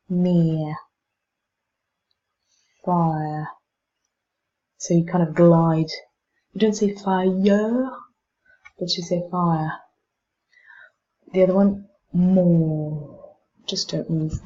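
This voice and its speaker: Woman teacher, slow and careful, lowish voice, muffled lo-fi recording. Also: mellow. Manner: demonstrates vowel sounds, slow and deliberate. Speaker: English pronunciation teacher. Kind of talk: casual instructional talk.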